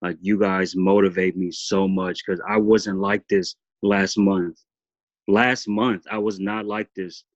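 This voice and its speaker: Low-voiced guy on a video call, earnest and emotional, repeating himself, muffled dry audio. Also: flat delivery, slow, no room sound. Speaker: team member sharing his story. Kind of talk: emotional testimony on a group call.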